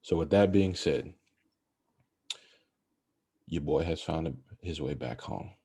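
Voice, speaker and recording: A young man co-hosting a podcast, chatting about basketball in a casual, animated, rambling way. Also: a bass voice, takes it slowly, vocal fry, long pauses, husky. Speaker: podcast co-host. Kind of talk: casual sports chat.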